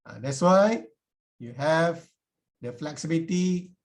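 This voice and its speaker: A male university lecturer with a Malaysian English accent, teaching a class online over a video call. His voice sits somewhat high for a man. He talks in plain, informal English and keeps adding a questioning "eh?" to his sentences. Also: expressive, a little slow. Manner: repeated checks with a tag "eh?", plain informal phrasing.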